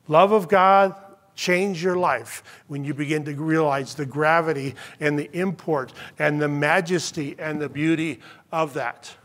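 Man, pastor, sermon, high voice, earnest storytelling, soft hush at tender points. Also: fairly even intonation, a little slow.

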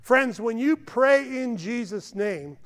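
A man's voice: extremely high pitch, lively intonation, slow pace. A man preaching a sermon as pastor, earnest and emphatic, often tossing in "okay" asides. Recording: long hall reverb.

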